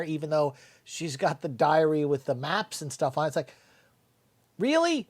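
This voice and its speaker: A man's voice: fairly high pitch, lively intonation, normal speed, a little mellow. A middle-aged man giving a blunt, casual spoken movie review, swearing freely and mocking the dialogue. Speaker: film reviewer.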